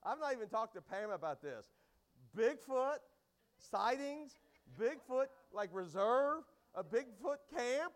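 A middle-aged man preaching to a church congregation in a high, strained voice. He talks loud and energetic, rambling through stories with frequent restarts. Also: slow. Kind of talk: sermon with storytelling. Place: church hall.

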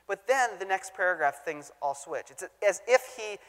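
Animated male storyteller in a reverberant hall. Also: high voice, moderate pace. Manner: animated storyteller, acts out quotes. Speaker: speaker, former youth pastor. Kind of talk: storytelling talk on theology.

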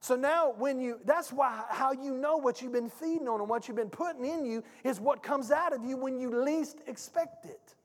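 A man preaching a sermon as pastor, with a call-and-response delivery that swings from hushed to shouting. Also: very high voice, normal speed, hardly any pauses. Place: church sanctuary. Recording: long hall reverb.

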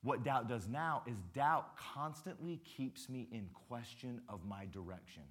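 Preaching as a guest pastor, a man with a mid-range voice speaks unhurriedly, with hardly any pauses. His sermon is animated and humorous, built on stories and emphatic repetition of phrases.

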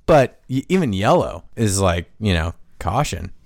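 A man's voice: fairly low pitch, very animated, normal speed, vocal fry, no echo, clean studio sound. A man co-hosting a casual podcast, telling stories in a rambling way and laughing between his lines. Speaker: podcast co-host.

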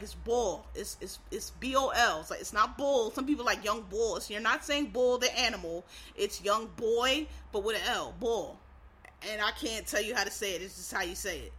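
A woman's voice: a little high, sharp tone, slightly rough. A woman from Philadelphia with a faint Philadelphia accent, chatting casually and rambling with frequent fillers and restarts. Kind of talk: casual chat.

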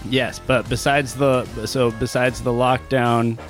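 A man co-hosting a podcast in casual chat, talking in a halting way with many restarts. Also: medium pitch, flat delivery, faint music behind. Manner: hesitant, lots of uh and restarts. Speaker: podcast co-host.

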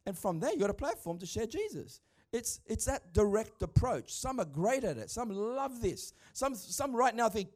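Middle-aged pastor, high voice, emphatic and chatty from the pulpit. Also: male voice, big pitch swings, normal speed, darkish tone. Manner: emphatic, conversational preaching. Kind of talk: sermon.

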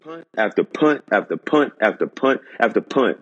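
Incredulous husky man ranting about football. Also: medium pitch, animated, normal speed, hardly any pauses, in a large hall. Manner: incredulous, repetitive, emphatic. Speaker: podcast host. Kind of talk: sports podcast rant.

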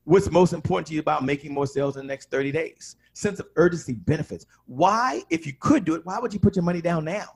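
A man coaching on sales as a podcast guest, emphatic and animated, acting out little dialogues. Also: a little high, quick pace, creaky, few pauses, slightly rough.

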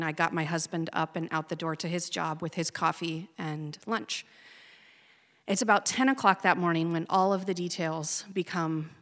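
A woman's voice: lowish voice, fairly bright tone. A woman in her thirties from Oregon, telling an earnest, emotionally raw personal story on stage. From Oregon, USA. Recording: long hall reverb.

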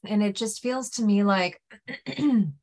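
A woman speaking earnestly and thoughtfully in a panel discussion, pausing with fillers as she works out her ideas. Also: mid-range voice, a little mellow.

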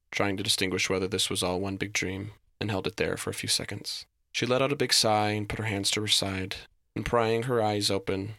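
A man narrating a story in a steady, descriptive reading. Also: sits low, creaky, dry recording, studio quality.

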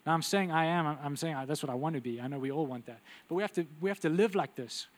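A man preaching a sermon with intense, urgent delivery that drops to quiet, intimate asides. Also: on the high side, fast.

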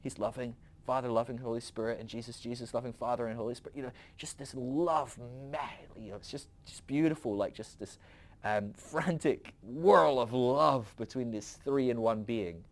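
A man hosting a podcast, talking through ideas in an animated, rambling way with frequent restarts. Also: mid-range voice, normal speed. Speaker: podcast host. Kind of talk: casual philosophical teaching.

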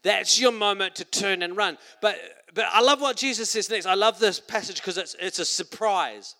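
A middle-aged man with a New Zealand accent delivers a sermon in a church hall. His voice sits high and bright. He talks conversationally, then breaks into loud, emphatic quotations. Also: normal speed. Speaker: preacher.

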